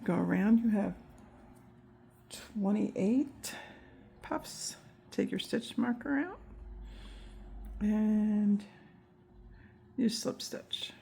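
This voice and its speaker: A woman's voice: medium pitch, extremely slow, vocal fry, pauses often, warm tone, a little hiss or hum. A woman teaching a crochet tutorial step by step, counting stitches aloud with chatty asides, and she has the hiccups. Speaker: crochet instructor.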